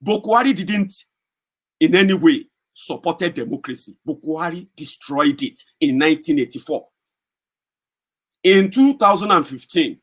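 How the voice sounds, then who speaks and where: A man's voice: a little high, a bit bright, husky. A man with a Nigerian accent giving heated, sarcastic political commentary in a vlog.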